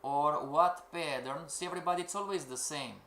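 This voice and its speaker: A man delivers a live-streamed trading lesson in slow, deliberate English that is not his first language. His voice is bright and fairly high, and he peppers the class with rhetorical questions. The room is echoey, with faint keyboard typing behind him. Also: slight background noise. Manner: asks rhetorical questions, keeps calling out "everybody". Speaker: trading course instructor.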